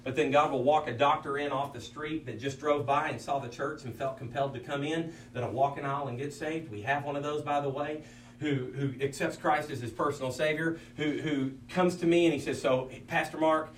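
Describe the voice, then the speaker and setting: A man's voice: on the high side, fairly even intonation, fairly quick. Pastor guy telling folksy stories, kinda far from the mic, roomy with a faint hum. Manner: folksy storyteller, many "I mean" asides, acts out quotes. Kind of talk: anecdotal preaching to fellow ministers.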